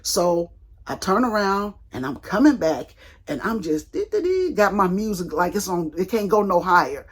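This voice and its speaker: An older woman vlogging, telling a long story in a colloquial, animated way and acting out the people in it. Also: fairly low pitch, moderate pace, slightly rough. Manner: colloquial, rambling with restarts. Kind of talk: casual storytelling vlog.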